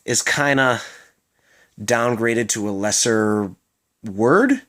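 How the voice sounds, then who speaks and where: A man's voice: mid-range voice, slow pace, fairly bright tone. Rambling young Baltimore-accented man. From Maryland. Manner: rambling, filler-heavy, self-mocking, chuckles often. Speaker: vlogger. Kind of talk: casual explainer vlog.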